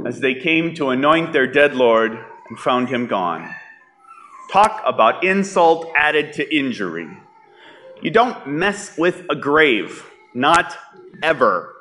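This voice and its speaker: Male pastor, sermon delivery, bright tone, unhurried. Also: fairly high pitch. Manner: slow, deliberate preaching with dramatic pauses.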